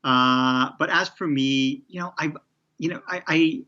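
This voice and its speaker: A man's voice: a little high, unhurried, pushed and bright, dull audio. A man being interviewed as a TV showrunner, talking casually with many restarts and fillers. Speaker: TV showrunner guest.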